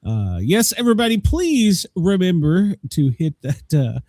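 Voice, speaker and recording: A man's voice: high voice, big pitch swings, a little slow, a little mellow, no echo. A middle-aged man hosting a podcast in casual chat, joking and rambling with frequent chuckles. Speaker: podcast host.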